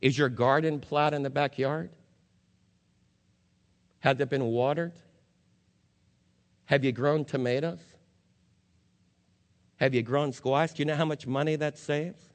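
A male pastor preaching a sermon, firing rhetorical questions at the congregation and swinging from loud emphasis to low, somber warnings. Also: fairly even intonation, a little slow, pauses often. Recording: long hall reverb.

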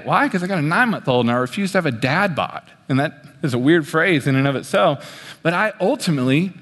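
A young male preacher with a high voice delivers an animated sermon from a stage. His pitch swings as he acts out quoted voices. A long reverb trails each phrase. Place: on a stage in a large hall.

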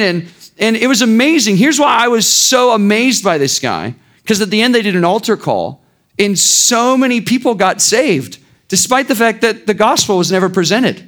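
A man's voice: high voice, animated, fairly quick, fairly bright tone. A man preaching a sermon in an informal, conversational way, with sarcastic asides and frequent restarts. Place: church.

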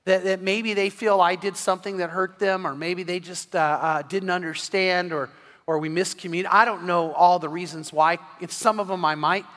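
A man's voice: sits high, fairly even intonation, normal speed, fairly bright tone. A man preaching an evening sermon, telling stories earnestly and often restarting his sentences. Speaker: pastor. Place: church sanctuary. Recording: long reverb of a church hall.

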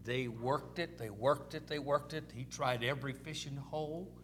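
A man's voice: mid-range voice, normal speed, slight background noise. A male pastor preaching a sermon in a folksy, repetitive storytelling way, dropping in "amen"s.

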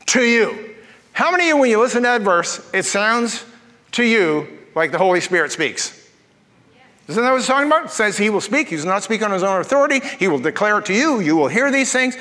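A male pastor delivers a sermon in a church, his fairly high voice carrying long reverb from the hall. He tells stories in an animated way and drops playful asides.

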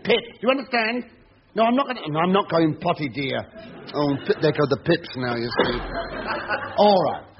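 A man's voice: on the high side, expressive, moderate pace, background noise. A man hosting a radio comedy show, talking in a flustered, chatty way, full of stammers and asides to the audience. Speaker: comedian and host. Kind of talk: 1970s radio sketch comedy. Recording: dull old radio recording, loud studio audience laughter.

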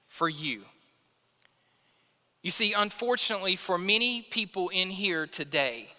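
Pastor, male, 30s; high, sharp voice, chatty sermon delivery, church hall reverb. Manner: conversational, self-deprecating preaching with acted quotes. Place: church sanctuary.

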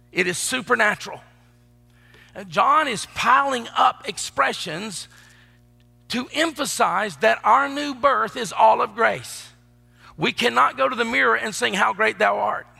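A man preaching a sermon as pastor, swinging between loud emphatic declarations and hushed asides. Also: high voice, gravelly, slightly rough, in a large hall. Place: church sanctuary.

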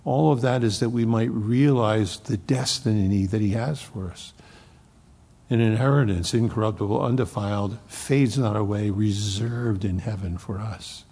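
A man preaching a sermon, swinging from loud emphasis to hushed near-whispers. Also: fairly low pitch, moderate pace, long reverb tail. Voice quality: gravelly, husky voice. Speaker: pastor.

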